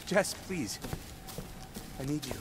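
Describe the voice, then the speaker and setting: An actor playing a troubled man who talks gently to his dog and stammers when shaken. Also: on the high side, expressive, takes it slowly, background noise. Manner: hesitant, stammering.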